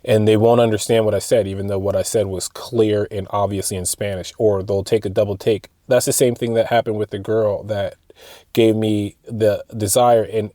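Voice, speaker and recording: Rambling man with a mellow voice. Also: lowish voice, no echo, studio quality. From United States. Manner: rambling, animated retelling with frequent fillers and restarts. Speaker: vlogger. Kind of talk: casual storytelling monologue.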